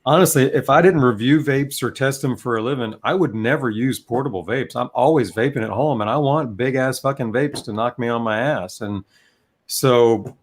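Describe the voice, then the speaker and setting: A man co-hosting a casual chat, talking in a relaxed, candid way and often asking "you know what I mean". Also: medium pitch, normal speed. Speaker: co-host and vape reviewer.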